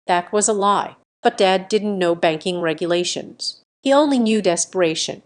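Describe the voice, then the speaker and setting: A young adult woman narrating a first-person revenge story from a script. Her delivery is tense and measured, and her voice sits at a plain middle pitch.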